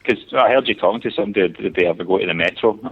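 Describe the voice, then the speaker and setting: A Scottish man in his thirties calling in to a podcast, talking in rapid, rambling bursts full of restarts. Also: lowish voice, husky. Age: 30s. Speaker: caller. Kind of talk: casual call-in chat. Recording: tinny phone line.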